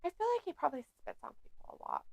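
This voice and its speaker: A woman's voice: high-pitched, wildly swooping pitch, very fast, vocal fry, darkish tone, no echo, clean studio sound. A woman hosting a casual wrestling watch-along, chatty and laughing often as she reads out the chat. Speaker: watch-along stream host reading chat.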